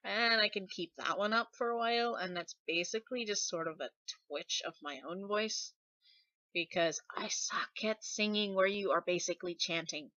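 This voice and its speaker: Bright-voiced woman chatting casually. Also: mid-range voice, normal speed, no echo. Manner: rambling, many fillers and asides. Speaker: vlogger. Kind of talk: casual chat. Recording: dull lo-fi dry recording.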